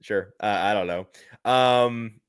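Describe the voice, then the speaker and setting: A man's voice: lowish voice, takes it slowly, smooth, no room sound, clean studio sound. A man in casual chat as a co-host, rambling and restarting his sentences as he runs through notes. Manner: rambling, self-interrupting, laughs at his own quotes.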